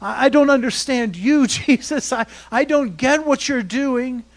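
A grieving woman stammers out her confusion in a raised, pleading voice, as a male preacher acts her out in his sermon. She is loud and pitched well above ordinary speech, and her words tumble over one another. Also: measured pace. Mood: distraught.

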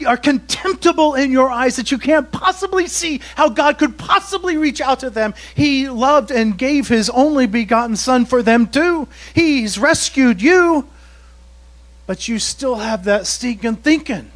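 A man preaching a sermon as pastor, slowing down for emphatic quotes and chuckling between points. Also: very high-pitched, expressive, fairly bright tone.

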